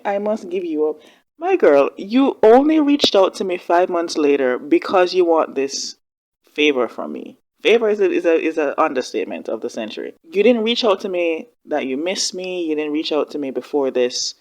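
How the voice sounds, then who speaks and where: A woman giving casual reaction commentary on a TV drama, expressive and slangy, talking back at the screen. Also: deep voice. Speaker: reaction video host.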